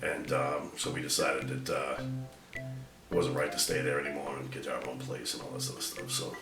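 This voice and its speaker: A middle-aged man spins a casual story about his marriage, acting out the quotes with laughter. His pitch swings widely. He is heard from a distance in a roomy space with music underneath. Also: lively intonation, normal speed. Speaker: husband telling his love story. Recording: echoey room from afar with music.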